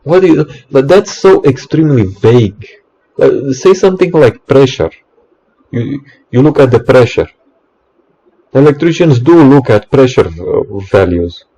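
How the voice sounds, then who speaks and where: A man's voice: medium pitch, animated, a little slow, dark tone, muffled recording. A man, an electrician, in an exasperated ranting monologue, swearing often and stumbling over restarts.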